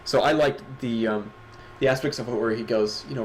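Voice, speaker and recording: A man's voice: mid-range voice, a little fast, a little hiss or hum. A man with a Midwestern accent co-hosting an online awards stream, joking and teasing his co-host in casual chat. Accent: Midwestern American.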